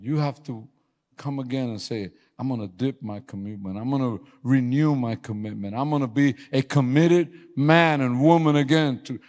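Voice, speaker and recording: Animated pastor preaching in a reverberant hall. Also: male voice, on the high side. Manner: animated storytelling with sudden yelling and laughter. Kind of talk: sermon. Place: church sanctuary.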